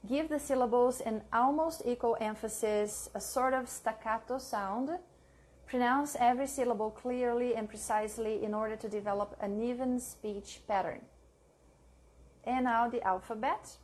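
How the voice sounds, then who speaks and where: A woman reading her study notes aloud, drilling words slowly and stopping to correct her own mix-ups. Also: fairly high pitch, darkish tone. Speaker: language learner sharing study notes. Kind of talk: slow read-aloud study session.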